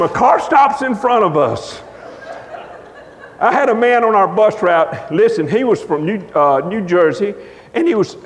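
A man preaching a revival sermon, telling stories in a folksy, emphatic, drawn-out cadence. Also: extremely high pitch, a bit bright, slight background noise. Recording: long reverb of a church hall.

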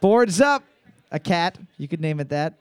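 Hombre presentador de trivia, voz aguda y grabación seca. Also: male voice, on the high side, sing-song, clear, resonant tone, dry recording. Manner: reads questions twice, slow and drawn out, jokes between. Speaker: trivia host. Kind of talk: live bar trivia hosting with joking banter.

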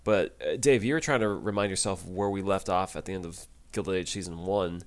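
A man with a fairly low voice co-hosts a casual podcast. He chats loosely, laughs easily and often restarts his sentences mid-thought. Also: fairly quick. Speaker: podcast co-host. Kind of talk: casual chat.

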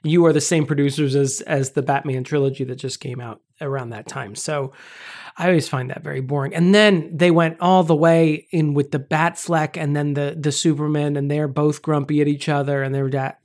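A man's voice: fairly high pitch, steady tone, moderate pace. A man co-hosting a podcast, chatting casually and wryly about a movie with strong joking opinions. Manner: wry, jokey, opinionated. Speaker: podcast co-host.

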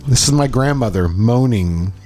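Animated joking male podcast co-host. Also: mid-range voice, normal speed, noisy background. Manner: animated, jokey, acts out voices. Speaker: medical scanning technician. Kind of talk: casual storytelling chat.

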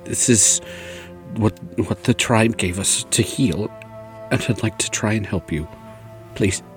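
A man's voice: on the low side, over music, natural voice. A man voicing Lance, a guilt-ridden young man who stammers through apologies and pleas. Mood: apologetic. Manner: halting, repeating himself, pleading.

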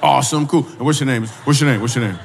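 A man's voice: mid-range voice, racing, gravelly, slight background noise. A male stand-up comedian doing crowd work on stage, teasing audience members and repeating his questions. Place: stage in a church hall. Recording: reverberant hall from a distance.

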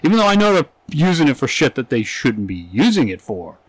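A man's voice: mid-range voice, very animated, brisk, slightly rough, dry recording, rough recording. A man co-hosting a comedy podcast, telling a crude anecdote in a casual way and acting out the voices of the people in it. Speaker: podcast co-host.

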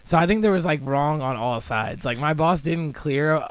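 A young man co-hosting a podcast, telling a story in casual chat, animated, acting out what people said and swearing freely. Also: fairly high pitch, moderate pace, clear, resonant tone. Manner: animated, acts out quotes, swears a lot. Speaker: podcast co-host.

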